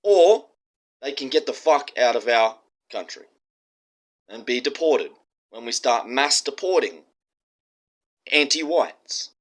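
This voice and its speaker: A man's voice: mid-range voice, expressive, slow, pauses often, a bit bright. A man with an Australian accent delivering a heated, profane monologue with strong emphasis. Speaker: commentator.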